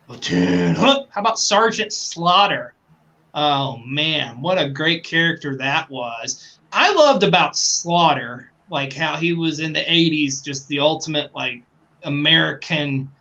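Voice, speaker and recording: This man's voice sits on the high side, bright and forceful, as he co-hosts a podcast. His casual chat is eager and rambling, full of fillers with the occasional swear word.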